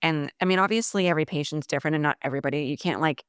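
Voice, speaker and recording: Hygienist lady on a podcast, low voice, chatty, says like a lot. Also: very fast, a bit bright, smooth, no room sound, clean studio sound. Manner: chatty, lots of "like" fillers. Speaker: dental hygienist guest. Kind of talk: casual podcast chat.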